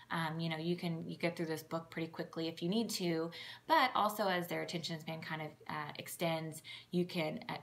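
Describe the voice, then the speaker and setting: A chatty woman with a fairly low voice and a gravelly, fry-edged tone. She walks through children's books in a casual way and bursts into playful sing-song sound words as she goes. Faint noise hums behind her. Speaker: children's book reviewer. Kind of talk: casual show-and-tell of books.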